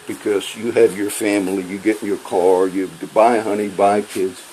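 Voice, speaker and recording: A man with a very low voice rants in a heated, profane tirade, hammering the same points again and again. A faint air-conditioning hum sits behind him. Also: darkish tone, poor audio. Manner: heated, profane, repeating himself. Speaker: vlogger. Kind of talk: angry personal rant to camera.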